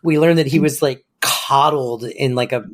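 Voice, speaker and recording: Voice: mid-range voice, normal speed. Dry-witted podcast co-host. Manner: dry, sardonic asides. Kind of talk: casual chat.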